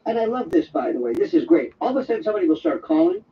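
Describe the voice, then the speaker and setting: A man hosting an overnight radio talk show. He tells a wandering, jokey monologue and slips into quick impressions. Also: high voice, wildly swooping pitch, gravelly, distant mic, lo-fi sound. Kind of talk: rambling comic monologue.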